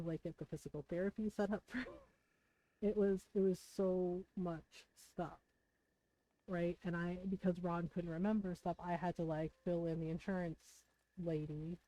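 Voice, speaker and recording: A woman's voice: lowish voice, warm tone, low-quality recording. A woman streamer casually and earnestly retelling a personal story in detail, recounting conversations.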